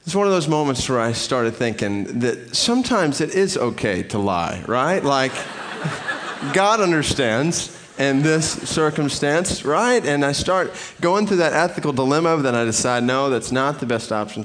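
A man's voice: medium pitch, moderate pace. Man preaching through a personal story. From Atlanta area, US. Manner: storytelling, animated retelling.

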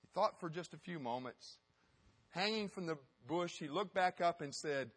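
A man's voice: a little high, animated, moderate pace, fairly bright tone, slightly rough. A man giving a sermon as pastor, telling a story emphatically with some hesitant fillers.

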